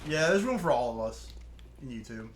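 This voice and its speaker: A man of middling pitch watching a game and chatting, with a dry, teasing delivery that rambles from one aside to the next. The room adds a noticeable echo, and a faint hiss sits underneath. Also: sing-song, a little fast. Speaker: co-host and spectator. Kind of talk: casual let's-play banter. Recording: roomy echo.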